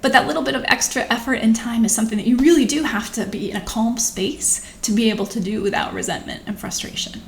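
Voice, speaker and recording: Thoughtful woman with a gravelly edge. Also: on the high side, fast, few pauses. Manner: thoughtful, conversational, gently coaching. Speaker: physician hosting her own video channel. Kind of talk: reflective talk to camera. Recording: echoey room with faint background noise.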